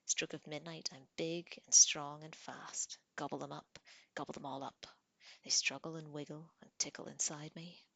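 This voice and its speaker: A woman voicing a small, sly, greedy male troll who giggles, repeats words in a sing-song way and talks in a breathy, whispery voice, as in an audiobook reading. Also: low-pitched, level tone, normal speed, fairly bright tone, no room sound, heavily acted. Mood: gloating.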